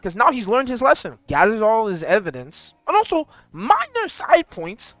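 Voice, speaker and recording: A young man giving casual commentary on online drama, slangy and animated as he tells the story. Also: high voice, moderate pace, few pauses, dry recording. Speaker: commentary YouTuber.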